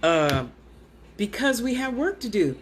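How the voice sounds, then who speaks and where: A woman's voice: a little high, big pitch swings, measured pace, a little hiss or hum. A woman clairvoyant medium in casual live-stream chat at home, rambling and blunt, talking straight to her viewers.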